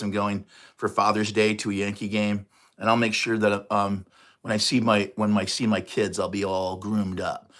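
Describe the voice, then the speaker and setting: A man in his sixties with a New York accent, chatting casually and fast on a livestream. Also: fairly low pitch, fairly bright tone. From New York area, USA. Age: 60s. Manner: fast, chatty, reads out viewer comments. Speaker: livestream host.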